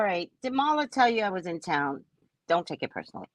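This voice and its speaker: A woman hosting a casual live stream, chatting with viewers by name in a lively, talkative way. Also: on the low side, fast talker, no echo. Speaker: psychic live-stream host.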